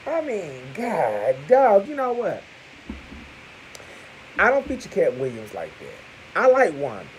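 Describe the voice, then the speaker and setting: A man in character as a security guard, delivering a sassy, gossipy comedic rant to camera with loud exclamations. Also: a little high, big pitch swings, a little slow, a little hiss or hum, poor audio.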